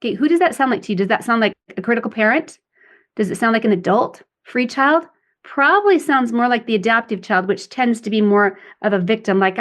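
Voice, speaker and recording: A middle-aged woman parent coach explains her ideas in a podcast interview. She has a fairly high voice and slips into acted example dialogues to make her points. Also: brisk, fairly bright tone.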